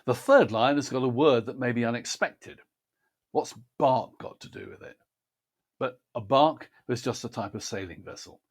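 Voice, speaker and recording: A man giving a measured, precise talk on how to prepare a poem for reading aloud. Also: mid-range voice, expressive. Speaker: poetry reading teacher. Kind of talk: scripted instructional talk.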